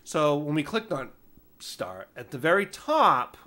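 A man casually telling a tech support story from his past, animated and exasperated, poking fun at himself. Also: on the high side, unhurried. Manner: animated, exasperated, self-mocking. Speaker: storyteller, former IT support worker.

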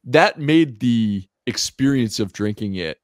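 Animated man in his thirties, dry sound. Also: medium pitch, a little slow, no echo. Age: 30s. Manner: animated, lively storyteller who acts out other people's lines and laughs often. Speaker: whiskey brand founder, podcast guest. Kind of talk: casual storytelling on a podcast.

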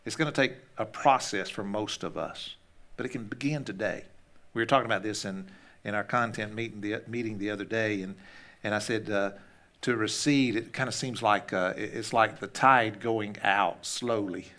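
A man preaching a conversational sermon as a pastor, repeating words as he restarts and swinging between loud emphasis and hushed asides. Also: on the low side, moderate pace.

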